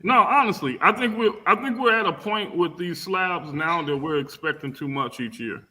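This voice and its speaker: Bright-voiced man musing on a panel. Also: on the high side, expressive, moderate pace, rough recording. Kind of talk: casual live panel chat.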